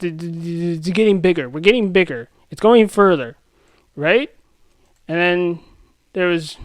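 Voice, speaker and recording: A young man doing a rambling, excitable commentary rant, tripping over himself with restarts and asides. His voice is smooth and resonant, recorded close and dry with no room sound. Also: high-pitched, no echo. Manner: rambling and excitable, many restarts and self-interruptions. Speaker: YouTube commentator. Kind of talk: ranting pop-culture commentary.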